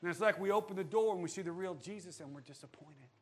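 A male pastor preaching a sermon, animated, asking the congregation rhetorical questions. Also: sits high, fast talker, breathy edge.

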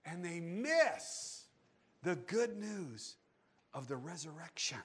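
A male pastor preaching a sermon, animated, asking the congregation rhetorical questions. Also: a little high, slow pace, breathy edge.

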